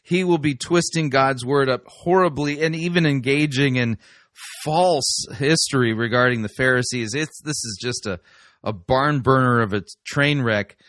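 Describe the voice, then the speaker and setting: A man hosting a commentary show, setting up a sermon clip in a quick, scornful and joking way. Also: mid-range voice, fairly bright tone, no echo, clean studio sound. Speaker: show host. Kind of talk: introducing a clip.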